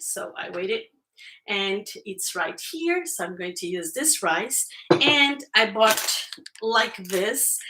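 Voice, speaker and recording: Slow, bright-voiced woman cooking live. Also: fairly high pitch, slight background noise, rough recording. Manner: chatty, thanks viewers, frequent laughs. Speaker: cooking livestream host. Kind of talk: casual live cooking stream. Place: home kitchen.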